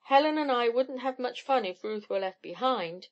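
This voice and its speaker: A woman's voice: on the high side, lively intonation, normal speed, dull audio, pitched above the performer's own voice, natural voice. A woman voicing a blunt, loyal teenage boy who speaks firmly. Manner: forthright, firm.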